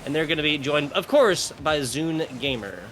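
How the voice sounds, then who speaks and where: A man's voice: on the high side, normal speed, bright, forceful tone, slight background noise. An American man casting a live esports match, joking and rambling with lots of fillers. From United States. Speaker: esports caster. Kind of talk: live esports play-by-play and banter.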